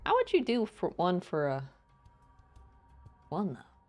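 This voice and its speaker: A woman streaming a game live, chatting casually and playfully with her viewers and greeting them in a high sing-song voice. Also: wildly swooping pitch, slow pace, long pauses, a little mellow, faint music behind. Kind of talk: casual live-stream chat while gaming.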